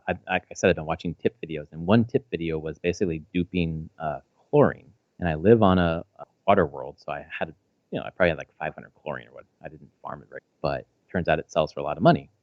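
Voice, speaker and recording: Deep voiced guy in his 30s rambling on a podcast, lots of ums and likes, swears a bunch, dry kinda muffled audio. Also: fast talker, no echo. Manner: rambling, with many fillers and restarts; swears casually. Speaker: podcast co-host. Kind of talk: casual podcast chat. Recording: slightly dull, dry audio.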